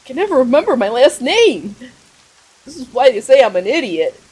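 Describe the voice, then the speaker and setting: A woman voicing a tall, simple-minded young man who talks slowly and loudly. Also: high-pitched, sing-song, slightly rough, pitched above the performer's own voice, exaggerated voice, poor audio. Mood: eager.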